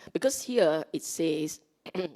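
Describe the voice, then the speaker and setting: A Singaporean woman gives a Dharma talk in a low, grounded voice. Her speech is relaxed and conversational, peppered with "okay?" as she checks in with her listeners. She slips into quick acted snippets of dialogue as she teaches. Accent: Singaporean English. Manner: chatty, checks in with "okay?", acts out quoted lines. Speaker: Dhamma teacher. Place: meeting hall.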